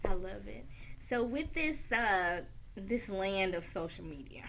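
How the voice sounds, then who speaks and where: A middle-aged woman hosting a talk show in casual chat, animated and outspoken. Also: medium pitch, a little slow, gravelly, slight background noise. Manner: animated, outspoken, swears and laughs often.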